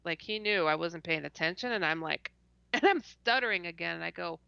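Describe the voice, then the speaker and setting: A woman's voice: on the low side, lively intonation, a little fast, vocal fry, sharp tone, clear, resonant tone, no room sound. A woman guest telling a story animatedly. She laughs often, stutters and acts out her own reactions, heard through dull lo-fi call audio. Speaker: podcast guest. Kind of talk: casual storytelling in an interview.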